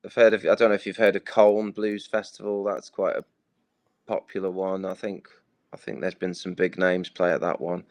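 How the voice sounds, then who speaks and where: A man's voice: deep voice, level tone, normal speed, darkish tone, dry recording. A man with a Liverpool accent, a guest musician chatting casually over a video call, full of ums and restarts. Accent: Liverpool (Scouse). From Liverpool, England. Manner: hesitant, lots of ums and restarts. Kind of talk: casual chat.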